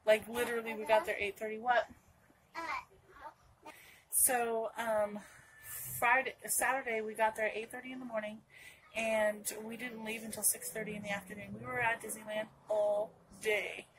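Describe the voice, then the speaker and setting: A woman's voice: fairly high pitch, level tone, normal speed, a bit bright, slight background noise, rough recording. A young woman from Northern California telling a personal story to camera in a rambling way, full of restarts and asides. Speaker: vlogger.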